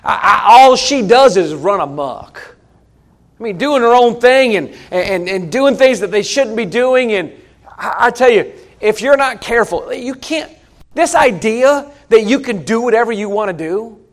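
Preacher guy, really high voice, folksy and emphatic, lots of questions to the pews. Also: expressive, moderate pace. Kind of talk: sermon.

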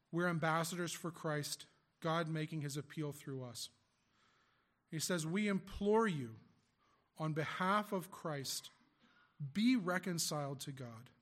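A man preaching a sermon as a pastor, explaining scripture in a conversational way with rhetorical questions to the congregation. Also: a little high.

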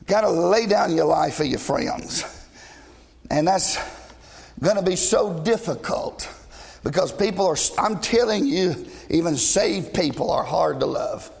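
A middle-aged man preaching a sermon as pastor, blunt and passionate, shouting at times and joking with the congregation. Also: sits high, takes it slowly, creaky, long pauses. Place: church sanctuary. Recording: long reverb of a large church hall.

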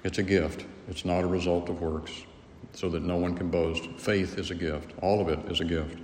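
A man's voice: low-pitched, fairly even intonation, normal speed, a little mellow. A man preaching a sermon, earnest and emphatic, often repeating words as he presses a point. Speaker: pastor. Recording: echoey hall with faint room noise.

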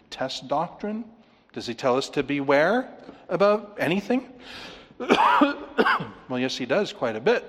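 A man preaching an expository sermon, animated, acting out the voices of the people he talks about. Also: mid-range voice, big-room sound. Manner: animated, acts out voices of the disciples. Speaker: pastor.

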